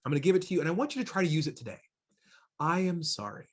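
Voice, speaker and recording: A diversity trainer from Seattle, USA, runs an online workshop into a computer microphone. His voice is a little high and a little mellow with a breathy edge, racing along with big pitch swings as he emphatically poses question after question to his audience.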